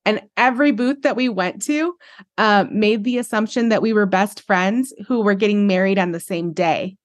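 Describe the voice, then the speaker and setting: A woman hosting a podcast, talking in a relaxed, friendly way in casual interview chat. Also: medium pitch, normal speed, no echo, studio quality. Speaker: podcast host.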